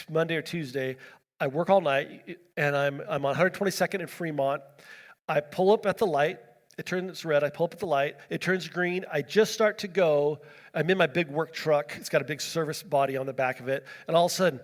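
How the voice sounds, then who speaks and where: A man delivers a sermon as a lively personal story, chatty and loose, with many fillers and quoted bits of dialogue. His voice sits a little high. A long reverb from a big hall trails behind each phrase. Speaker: pastor.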